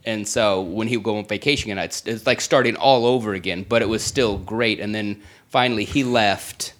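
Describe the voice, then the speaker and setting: A man's voice: lowish voice, normal speed. A middle-aged man, a stand-up comedian, telling stories in casual chat, rambling with frequent restarts.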